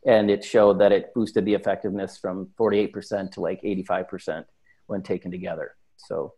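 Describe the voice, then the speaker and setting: A man's voice: sits low, little pitch movement, fairly quick, dark tone. A man speaking as an interview guest in casual chat, talkative and full of fillers. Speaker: supplement company guest.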